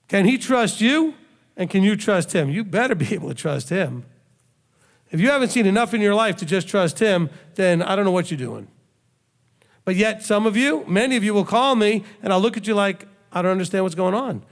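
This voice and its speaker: A man's voice: high voice, lively intonation, normal speed. A man who leads a congregation, preaching a conversational sermon full of rhetorical questions and emphatic repetition. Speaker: rabbi, congregation leader. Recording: long hall reverb.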